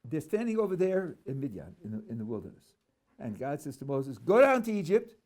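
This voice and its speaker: A man's voice: medium pitch, very animated, a little fast, mellow. A rabbi teaching a class, reading a text aloud and analyzing it, stressing words and putting questions to his listeners. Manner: emphatic, acts out the dialogue he reads.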